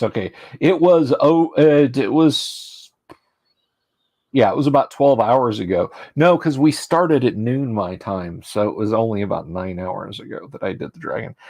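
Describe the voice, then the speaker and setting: Serving as game master on a casual livestream, a man with a medium-pitched, darkish voice chats in a rambling, self-deprecating manner. His voice sounds tired after talking all day, and there is no echo.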